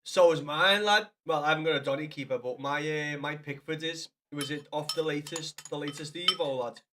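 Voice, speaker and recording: A man's voice: fairly high pitch, a little fast, pushed and bright. A man chatting casually to viewers on a live game stream, swearing freely and calling everyone lad.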